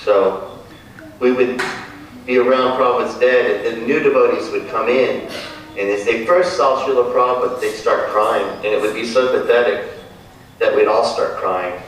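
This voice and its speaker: A man's voice: mid-range voice, steady tone, moderate pace. Man, devotee storyteller, distant and very echoey, faint hum behind. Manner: storytelling, acts out quoted lines, chuckles. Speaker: devotee speaker. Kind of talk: reminiscing talk. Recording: echoey room, distant mic.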